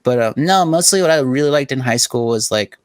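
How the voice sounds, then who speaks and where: A man's voice: mid-range voice, lively intonation, fairly quick, no room sound. A young man from Southern California, co-hosting a podcast and telling rambling, profane stories full of "like" in casual chat. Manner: rambling, profane storytelling with frequent "like". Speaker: podcast co-host.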